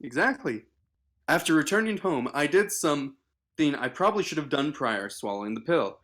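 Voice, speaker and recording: A man's voice: on the high side, lively intonation, moderate pace, fairly bright tone. A man reading an article aloud on a casual livestream, stumbling with fillers and restarts.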